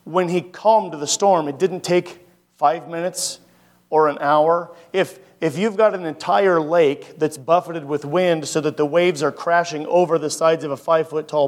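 Conversational preacher man. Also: fairly high pitch. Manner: conversational, asks the audience many rhetorical questions. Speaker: pastor. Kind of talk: sermon teaching.

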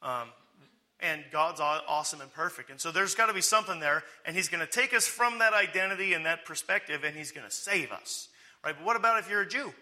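A man's voice: a little high, expressive, fairly quick, sharp tone. A man teaching through a Bible passage in a conversational way, often checking in with "okay?" and acting out the people he quotes with sarcastic humor. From United States. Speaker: preacher.

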